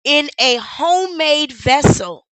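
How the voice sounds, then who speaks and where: A woman's voice: high-pitched, expressive, slow pace, fairly bright tone, no room sound, low-quality recording. A woman hosting a live stream, commenting over a video with sarcastic, incredulous questions.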